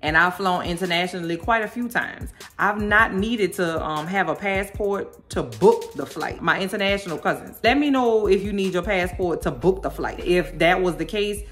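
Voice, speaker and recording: Woman vlogger, sassy, animated, lowish voice, faint music behind. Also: moderate pace, few pauses. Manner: animated, sassy, talks straight to viewers. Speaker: video host reacting to a documentary. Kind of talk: casual commentary vlog.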